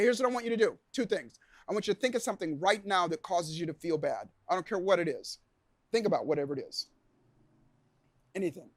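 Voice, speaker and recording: Animated high-voiced male seminar speaker. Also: no echo. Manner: animated storyteller, acts out shouts and gasps, coaxes audience. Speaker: keynote speaker. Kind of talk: motivational seminar talk. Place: event lounge before a live audience.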